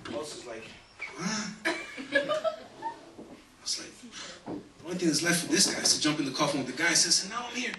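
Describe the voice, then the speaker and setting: A man doing stand-up, telling a story in an animated way and laughing along with it. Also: a little high, fast, long pauses, very noisy. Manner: animated, laughs through his own story. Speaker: stand-up comedian. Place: comedy stage. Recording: distant and echoey live venue recording.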